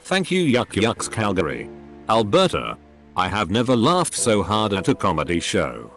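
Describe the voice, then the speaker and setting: A man's voice: fairly low pitch, wildly swooping pitch, moderate pace, gravelly, fairly bright tone. A man reading forum posts aloud, speaking punctuation marks as words. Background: faint background music.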